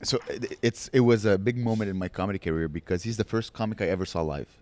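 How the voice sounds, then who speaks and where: A man's voice: on the low side, fast, a little mellow. A young man from Montreal co-hosting a comedy podcast, talking bluntly and teasing his co-host with plenty of swearing. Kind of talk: casual comedy podcast chat.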